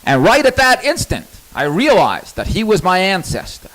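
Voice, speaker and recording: A man's voice: sits high, wildly swooping pitch, moderate pace, a bit bright, low-quality recording. A man telling a personal story in a candid, rambling monologue, cursing freely.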